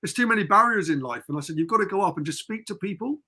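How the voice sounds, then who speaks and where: Chatty middle-aged man, bright forceful voice. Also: high-pitched, animated, rapid-fire, breathy edge. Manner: rambling storyteller, chatty and informal. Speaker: podcast guest. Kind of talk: casual chat. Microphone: remote call.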